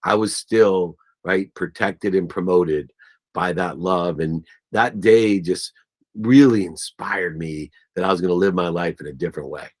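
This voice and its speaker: A man with a fairly low voice speaks as a guest in an interview. He tells emotional personal stories, slipping into the voices of family members, and gets choked up as he goes. His delivery stays earnest and animated through it all. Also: measured pace. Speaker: guest, business coach.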